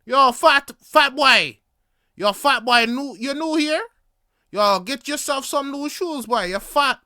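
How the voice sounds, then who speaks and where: A man's voice: extremely high pitch, expressive, slow pace, no room sound, studio quality, voice pushed up, heavily acted. A man voicing a young boy who heckles and taunts a newcomer. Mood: taunting. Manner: blunt, teasing, loud.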